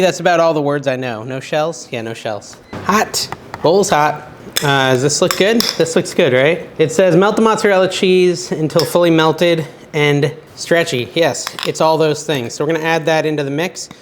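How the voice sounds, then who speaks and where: A man's voice: on the high side, slight background noise. Rambling, chatty man cooking. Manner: rambling, chatty, self-joking. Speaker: cooking channel host. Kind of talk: casual cooking vlog. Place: home kitchen.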